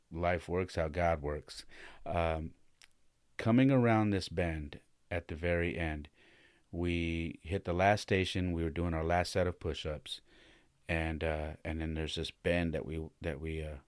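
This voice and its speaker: A man with a low, deep voice tells a story from his own life in a relaxed, chatty way. He often stops and restarts his sentences. The sound is dry, with no room echo. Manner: loose and conversational, many fillers and restarts. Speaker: podcast host and father. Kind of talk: casual personal storytelling.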